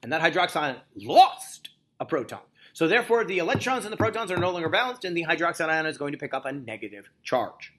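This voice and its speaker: Lively, bright-voiced male biology teacher. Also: high-pitched. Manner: lively, jokey asides, frequent "okay?" and "right?". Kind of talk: recorded lecture screencast.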